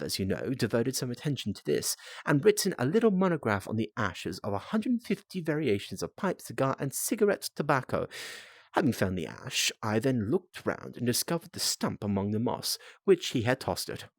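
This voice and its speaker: A man voicing a calm, sharp-minded male detective in a storybook reading, explaining step by step. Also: medium pitch, no echo, clean studio sound.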